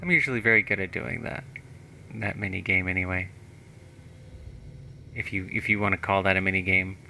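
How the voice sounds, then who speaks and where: A man's voice: deep voice, fairly even intonation, brisk, vocal fry, bright, forceful tone, slight background noise. A man streaming a video game live, chatting casually and thinking aloud as he plays.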